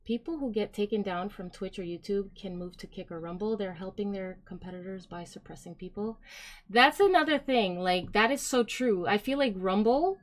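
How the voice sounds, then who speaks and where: A woman's voice: medium pitch, a little mellow. A woman live-streaming, chatting casually and reading viewer comments aloud, rambling with lots of fillers and giggles.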